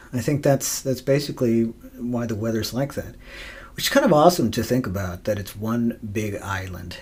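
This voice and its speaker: A man talking unhurriedly on his own podcast, drawing his words out at a slow, easy pace. He wanders from thought to thought with plenty of ums, swears freely, and keeps laughing at his own asides. The pitch of his voice sits in the middle range. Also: breathy edge. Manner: rambling, profane, laughs often, many fillers. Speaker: podcast host. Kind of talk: casual solo monologue.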